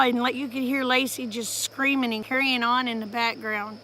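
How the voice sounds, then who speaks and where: A woman's voice: on the high side, level tone, moderate pace, pushed and bright, a little hiss or hum. A woman, casually telling a family story to her live-stream viewers and breaking off to greet them. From Oklahoma, USA.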